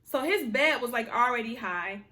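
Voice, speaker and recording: A young woman telling a personal story to her viewers in a casual, animated way, full of slang and exasperated asides. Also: on the high side, normal speed.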